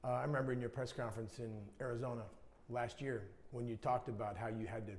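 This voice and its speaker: An American man, a sports reporter, asking measured, earnest interview questions on TV. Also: mid-range voice, flat delivery.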